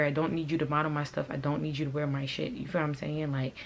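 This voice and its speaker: A woman's voice: deep voice, flat delivery, brisk, vocal fry. A woman vlogger and clothing brand owner telling a storytime to camera in a blunt, profane, fired-up way. She comes from a Haitian family.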